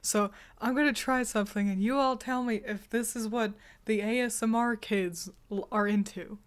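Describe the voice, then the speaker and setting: A woman's voice: a little high, steady tone, normal speed, clean tone. A woman streamer chatting casually with her viewers, handing out teasing, mock-insulting advice and laughing often. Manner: admits she is bad at whispering. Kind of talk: casual livestream chat.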